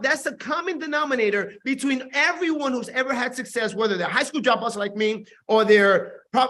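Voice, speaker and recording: A man's voice: extremely high pitch, bright, forceful tone. A man leading a network marketing team, giving an intense, repetitive motivational talk on a video call.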